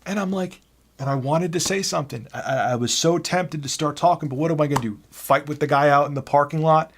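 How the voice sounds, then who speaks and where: A man in his thirties casually telling a work story in an animated, exasperated way. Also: medium pitch. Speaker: YouTuber.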